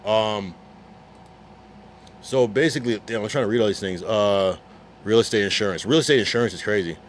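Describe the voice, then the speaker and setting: Laid-back male streamer, deep voice, reads chat aloud, faint hiss behind. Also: a little fast. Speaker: livestreamer reading chat. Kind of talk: casual livestream chat.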